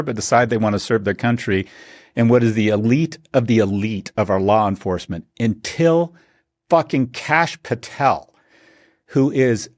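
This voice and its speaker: A man's voice: medium pitch, darkish tone, dry recording, clean studio sound. A middle-aged man co-hosting a podcast, telling stories sardonically and building to indignant emphasis. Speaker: podcast co-host. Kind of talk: casual opinionated chat.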